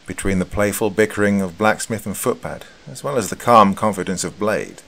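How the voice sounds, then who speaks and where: Deep gravelly guy narrating a story, grave and even. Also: fairly quick. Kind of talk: scripted narration.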